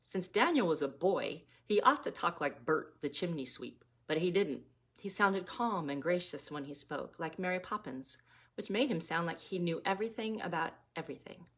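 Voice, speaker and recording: A woman reading her own novella aloud, gently, like a mother reading a story to her children. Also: on the low side, expressive, normal speed.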